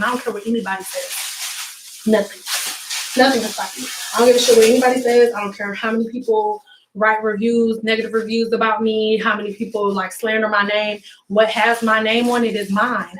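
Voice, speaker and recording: A woman's voice: on the high side, far from the mic, noisy background. Emphatic woman preaching at her camera. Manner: emphatic, preachy, repeats herself, cusses. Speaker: beauty vlogger. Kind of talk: casual motivational talk to viewers. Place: room at home, indoors. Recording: echoey room, voice off-mic.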